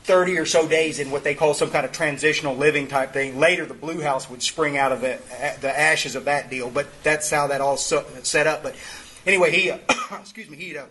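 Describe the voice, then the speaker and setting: A man's voice: fairly high pitch, fairly quick, pushed and bright, poor audio. A man speaking at a twelve-step meeting, telling a story in an earthy, rambling way with many restarts. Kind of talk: folksy storytelling talk.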